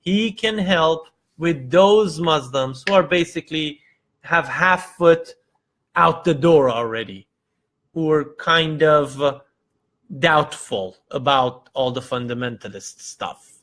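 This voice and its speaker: A man from Iran hosting a casual live show, telling stories in an animated way and acting out quotes. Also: on the high side, takes it slowly. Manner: animated storytelling, acts out quotes, frequent fillers. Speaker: host.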